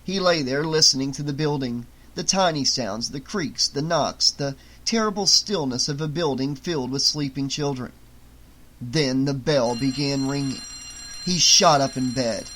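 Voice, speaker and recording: A man reading an audiobook in a steady, measured way. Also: medium pitch, a little hiss or hum, rough recording. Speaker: audiobook narrator. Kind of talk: audiobook narration.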